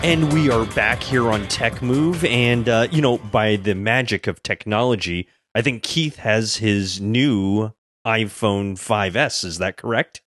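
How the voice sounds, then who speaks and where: A man's voice: on the low side, measured pace, fairly bright tone, dry recording, soft background music. A man hosting a casual tech podcast, rambling through thoughts with lots of fillers and frequent chuckles.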